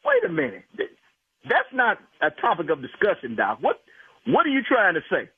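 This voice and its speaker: A man's voice: sits high, huge pitch swings, normal speed, husky, no room sound. A man on the phone, indignant and repeating himself, getting angrier as he argues. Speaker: prank call target. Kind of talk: heated phone argument. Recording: tinny phone line.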